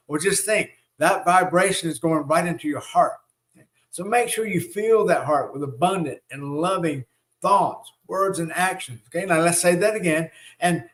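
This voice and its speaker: A man with a slightly raised pitch gives a live spiritual teaching in an encouraging, coaxing way. He keeps checking in with his listeners, adding "right?" and "okay?" after each point. He leads them through chanted affirmations. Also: a bit bright. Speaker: spiritual teacher and show host.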